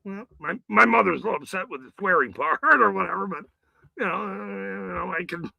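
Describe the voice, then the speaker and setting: A man hosting his own channel, delivering an angry, profane, boastful rant straight to camera with frequent shouting. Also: high-pitched, fairly quick, vocal fry, no echo, low-quality recording. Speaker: channel host.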